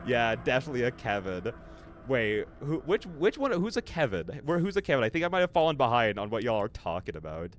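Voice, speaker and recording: A man's voice: mid-range voice, sing-song, moderate pace, a little hiss or hum. A man streaming a horror game, chatting with his viewers and reading their messages aloud in a rambling, filler-heavy way. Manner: reads chat aloud and answers viewers. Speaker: livestreamer. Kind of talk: live horror game commentary.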